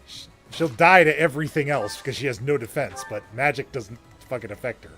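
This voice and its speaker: A man's voice: medium pitch, brisk, a bit bright. A man playing a strategy game with friends in casual let's-play chat, laughing often, swearing freely and muttering his moves aloud. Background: game music.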